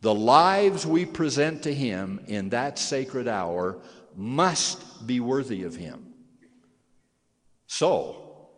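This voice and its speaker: A man's voice: mid-range voice, big pitch swings, drawn-out words. A man giving a sermon to young church members, earnest and solemn, swelling in force on key phrases. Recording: long hall reverb.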